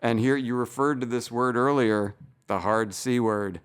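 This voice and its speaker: A man's voice: medium pitch, measured pace, smooth. Jokey male podcast host. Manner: jokey, laughing, runs the segment. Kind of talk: casual podcast chat.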